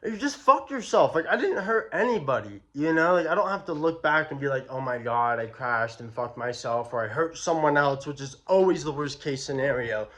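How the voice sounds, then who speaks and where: A man's voice: fairly high pitch, a little fast, few pauses. A young man telling a personal story in a casual, slangy, profane way. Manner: slangy, profane, animated retelling. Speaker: vlogger.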